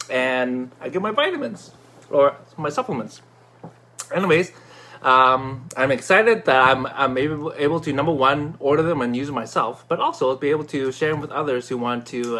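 A man chatting casually in a product review vlog, excitable and talkative, with many fillers and restarts. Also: medium pitch, normal speed.

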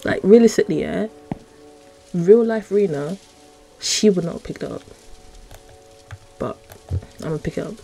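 A woman's voice: on the low side, animated, normal speed, creaky, long pauses, warm tone, faint music behind, low-quality recording. A young woman, commentating a horror game she is playing, jumpy and easily startled, with gasps and exclamations. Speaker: gaming YouTuber.

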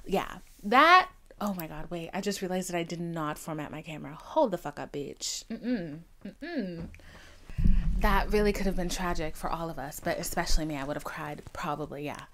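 With a voice on the low side and slight background noise, a Haitian-family woman in her twenties hosts her podcast at a moderate pace. She speaks casually and candidly in a confessional monologue, swearing a lot and acting out people she quotes.

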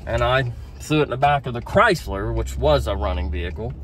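A man of middle pitch tells a personal story to the camera, speaking plainly and frankly. He drops the occasional curse word. Faint noise sits behind his voice. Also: animated, brisk, fairly bright tone. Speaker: vlogger.

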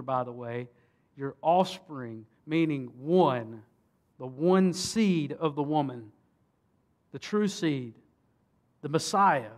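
A man, a pastor, preaching a sermon and reading scripture, swinging between emphatic peaks and hushed solemn passages. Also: a little high. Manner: rhetorical questions to the congregation.

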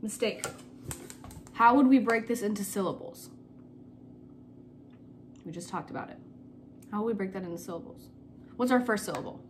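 A woman teacher leads a recorded phonics lesson for children at an ordinary middle pitch. She explains step by step, patiently repeating the key words. A faint hum of noise sits under her voice, picked up by a camera mic. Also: moderate pace, long pauses.

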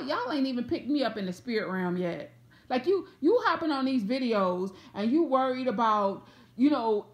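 Atlanta lady preaching to the camera, southern accent, pitch jumping way up and down, keeps repeating herself. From Atlanta, USA. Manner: animated, repeats phrases, acts out voices of people in the story. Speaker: preacher giving a prophetic word.

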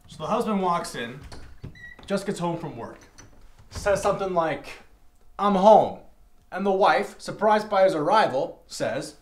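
A man's voice: high voice, lively intonation, a little slow, pauses often, a little hiss or hum. A man playing a furious betrayed husband. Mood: narrating. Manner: narrates the scene, then shouts accusations. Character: young man playing a jealous, enraged husband. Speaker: friend acting out a crime scene.

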